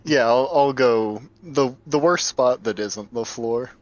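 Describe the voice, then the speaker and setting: A man's voice: mid-range voice, takes it slowly, dull audio. A man playing a tabletop game, chatting casually about his character's actions. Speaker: player.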